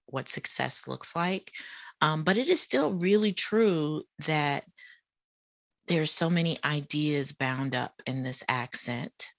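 Low-voiced Southern woman, dry close sound. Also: vocal fry, dry recording. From US South, Charlotte. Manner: animated, laughs often, emphatic repetition. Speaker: guest, author and professor. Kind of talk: conversational interview.

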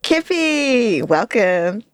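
A woman reporter interviewing a guest, asking questions in a bright, eager way. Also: a little high, very animated, drawn-out words, clean tone, no echo.

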